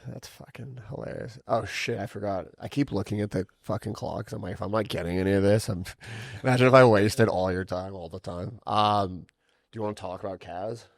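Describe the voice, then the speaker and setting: A young man with a low, gravelly voice swears freely as he chats on a podcast and acts out what people told him. The recording is dry and close. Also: steady tone, brisk, no room sound. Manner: blunt, swears a lot, acts out quotes. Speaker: podcast co-host. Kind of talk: casual chat.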